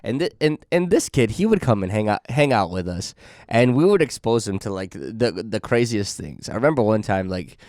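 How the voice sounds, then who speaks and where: Lively young man telling a story. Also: fairly low pitch, moderate pace, no room sound, clean studio sound. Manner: rambling, laughing storyteller with many fillers and restarts. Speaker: podcast co-host. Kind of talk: casual chat, storytelling.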